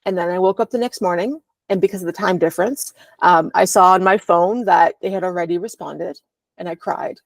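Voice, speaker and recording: A woman's voice: lowish voice, a little fast, vocal fry, dry recording. Candid woman telling her story. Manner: candid, rambling, frequent ums. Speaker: podcast guest. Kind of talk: personal storytelling in conversation. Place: at home.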